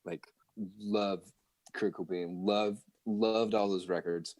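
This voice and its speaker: A man guesting on a podcast, telling stories in a chatty, animated way with lots of fillers. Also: lowish voice, slow, no room sound. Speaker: guest musician. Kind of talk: casual podcast storytelling.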